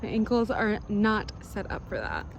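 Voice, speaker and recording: A woman's voice: mid-range voice, very animated, moderate pace, creaky, lo-fi sound, a little hiss or hum. A young woman in her twenties chatting casually to camera for her vlog, filling her talk with "like". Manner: chatty, says "like" constantly. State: out of breath. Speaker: vlogger.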